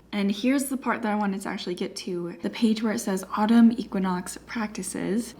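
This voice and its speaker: Chatty young woman vlogging, soft asides. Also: medium pitch, slight background noise. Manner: chatty, often drops to a soft whisper. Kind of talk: casual vlog chat. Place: home studio.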